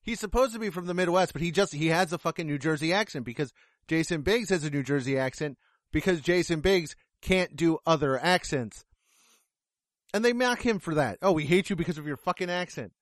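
Man, high-pitched voice, casual film chat, blunt and sweary, dry close sound. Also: lively intonation, fairly quick, dry recording. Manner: blunt, profane, sarcastic. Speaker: film reviewer. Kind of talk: casual movie review chat.

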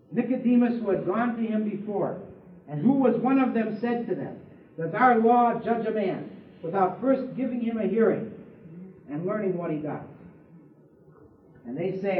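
Man, preacher, sermon, high voice, emphatic rhetorical questions, dull old recording. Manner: emphatic, rhetorical questions, swings between loud and hushed. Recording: distant, roomy, dull lo-fi recording.

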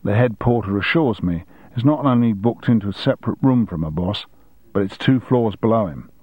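A man voicing a gruff former army man with a Cockney twang, reporting what he found out. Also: on the low side, lively intonation, a little fast, dry recording, dull audio.

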